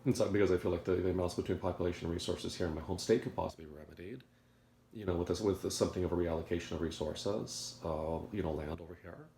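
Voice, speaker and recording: A man giving a rambling morning monologue to a video audience, halting and repeating words as he goes. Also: deep voice, steady tone, creaky, dark tone, roomy sound, slight background noise. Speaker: video commentator.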